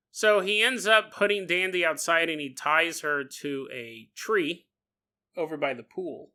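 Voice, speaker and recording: A man's voice: a little high, a little slow, bright, forceful tone. A man hosting a podcast, telling a story in a casual, jokey way with laughing asides and acted-out bits. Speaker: podcast host.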